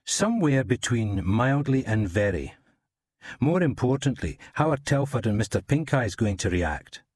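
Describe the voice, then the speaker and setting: Male reader as a measured, knowing detective, husky voice, dry recording. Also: medium pitch, big pitch swings, darkish tone, dry recording, pitched above the performer's own voice. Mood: explaining. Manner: measured, explaining.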